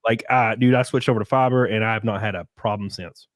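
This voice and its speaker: A young man hosting a podcast in casual chat, animated and profane, reading viewer comments and breaking into sudden loud yelps. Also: fairly low pitch, fast talker, dry recording, clean studio sound. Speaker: podcast host.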